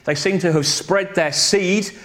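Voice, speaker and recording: Guy giving a sermon, kinda high voice, takes his time, fixes his own words. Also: fairly bright tone. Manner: slow, deliberate delivery with self-corrections and light humor. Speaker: preacher.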